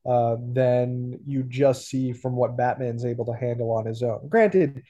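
Podcast guy, super dark mellow voice, slow thoughtful with lots of uhs. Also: medium pitch, muffled recording. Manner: measured, thoughtful, with filler pauses. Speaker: podcast co-host. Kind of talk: casual chat about a cartoon episode.

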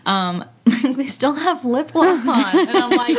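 A woman chatting casually as a podcast co-host, animated and joking, with filler words. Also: high voice, slow pace, a crowd in the background. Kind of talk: casual chat.

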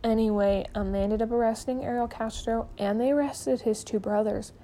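A woman's voice: a little high, steady tone, moderate pace, mellow, a little hiss or hum, poor audio. A woman hosting a podcast, retelling a true-crime case in a casual, chatty way full of "like" and "um", acting out the people she quotes. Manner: chatty, peppered with "like" and "um". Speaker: podcast host.

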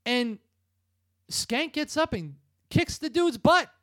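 A man hosting a podcast, retelling film scenes casually with quick impressions. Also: extremely high pitch, very animated, fairly bright tone, no echo. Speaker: podcast host. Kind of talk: casual chat.

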